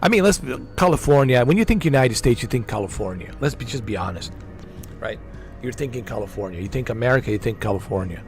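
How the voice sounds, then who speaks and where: A male gaming streamer chats casually and eagerly, circling back to the same points with plenty of slang. His voice sits at a mid pitch. Quiet game music runs in the background. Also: lively intonation, fast. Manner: enthusiastic, repetitive, slangy ("man", "dude"). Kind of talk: casual chat over gameplay.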